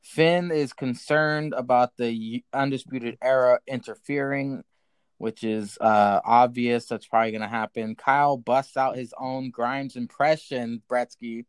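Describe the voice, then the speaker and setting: Man, podcast host, brisk rundown, smooth voice, dry close mic. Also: mid-range voice, steady tone, no room sound. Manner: brisk, moves the rundown along. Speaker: podcast host running the segments. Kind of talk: casual chat, recapping a show.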